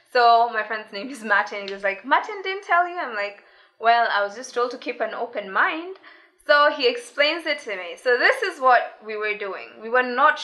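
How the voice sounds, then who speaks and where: A young woman with a bright, slightly high voice tells a personal story to her viewers. Her delivery is casual and lively, with frequent laughs and playful impressions of the people she quotes. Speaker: vlogger.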